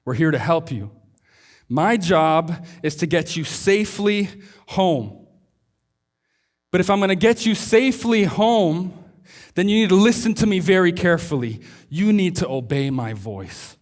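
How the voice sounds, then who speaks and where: A steady male emergency controller on the radio, firm and insistent, repeating his orders, as a preacher acts him out. The voice sits high for a man, and the lines are spoken with deliberate weight. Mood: commanding.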